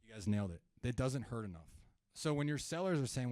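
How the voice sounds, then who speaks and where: A man's voice: mid-range voice, animated, a little fast, darkish tone, dry recording. A man giving a live sales training talk, conversational, asking the room questions and acting out calls with sellers. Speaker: sales trainer speaking at an event.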